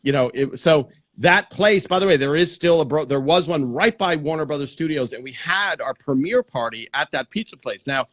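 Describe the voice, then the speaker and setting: A man hosting a casual live-stream chat, reading out viewer questions in a relaxed way. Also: fairly high pitch, normal speed, few pauses, dry recording, studio quality. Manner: relaxed, reads viewer comments aloud. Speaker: host.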